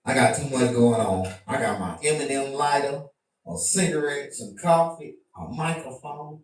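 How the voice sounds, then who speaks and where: A man doing a profane stand-up rant to his stream, animated and bursting into shouts. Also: mid-range voice, moderate pace. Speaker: comedian. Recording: very echoey room, mic at a distance.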